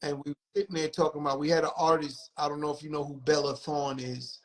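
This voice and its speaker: Brief: high-pitched male guest, blunt and profane, animated storyteller. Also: fast talker, low-quality recording. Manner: profane, animated, acts out other people's lines. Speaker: music industry guest. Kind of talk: candid storytelling on a livestream podcast.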